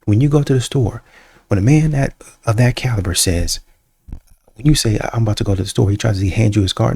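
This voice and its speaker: Brief: dark, raspy male reaction commentator, animated and mocking. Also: on the low side, a little fast. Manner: animated, acts out quoted voices.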